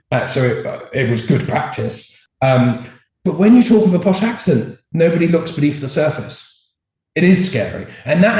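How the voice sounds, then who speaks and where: A man's voice: medium pitch, a little mellow. A middle-aged man with a posh English accent, telling candid stories as an interview guest in a frank, emphatic way. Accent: posh English, learned over a Cockney childhood. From England. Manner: frank, emphatic, with repeated restarts. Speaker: entrepreneur guest. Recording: roomy echo.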